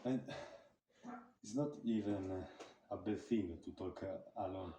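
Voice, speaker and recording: A man vlogging to camera during his workout in a gym, speaking halting non-native English full of restarts. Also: low voice, warm tone, reverberant, a little hiss or hum. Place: gym, indoors.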